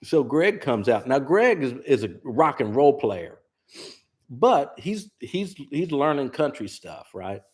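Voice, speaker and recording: A man's voice: medium pitch, very animated, slow, breathy edge. A man, a singer-songwriter host telling rambling, laid-back stories in his living room and putting on friends' voices. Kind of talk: casual storytelling chat.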